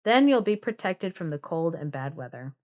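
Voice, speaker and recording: A woman's voice: sits low, sing-song, normal speed, a little mellow. A woman voicing a kind, welcoming mother in a retold fairy tale, read out plainly. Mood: kindly.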